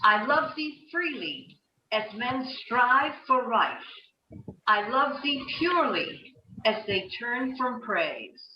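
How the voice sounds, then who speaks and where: A woman recites a poem slowly and earnestly, set fairly high. She sounds far from the mic in a roomy space, on a dull, lo-fi recording. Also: a little hiss or hum. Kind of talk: poetry reading.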